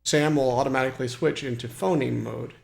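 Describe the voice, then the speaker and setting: A man's voice: medium pitch, steady tone, brisk, gravelly, darkish tone. A man walking through a computer tutorial, explaining step by step with many fillers and restarts. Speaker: hobbyist programmer demonstrating software. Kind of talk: screen-recorded tutorial walkthrough.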